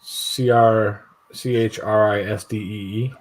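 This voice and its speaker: A man's voice: fairly low pitch, flat delivery, a little slow, low-quality recording. A middle-aged man rambling and laughing in casual chat on a video call, swearing freely. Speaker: guest YouTube creator.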